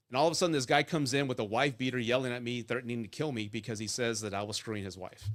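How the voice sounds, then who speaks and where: With fairly even intonation and hardly any pauses, this man talks fast in a mid-range, fairly bright voice. His live stream offers divorce and dating advice delivered bluntly and profanely, story after story, each laced with "right?".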